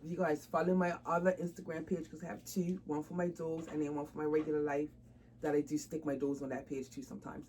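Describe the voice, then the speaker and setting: A woman's voice: low-pitched, flat delivery, fast talker, mellow, slight background noise, low-quality recording. A woman chatting casually to camera about her doll hobby, informal and laughing often. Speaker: doll collector vlogger.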